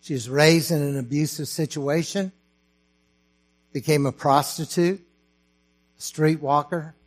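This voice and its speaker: A man preaching a sermon as pastor, slow and emphatic, rising to fervent preaching. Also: on the high side, a little mellow.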